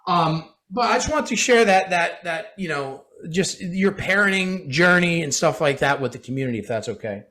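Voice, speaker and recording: A man's voice: a little high, animated, moderate pace, few pauses, pushed and bright. A man hosting a call who asks a guest to share, speaking hesitantly and repeating words. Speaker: host. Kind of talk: casual chat.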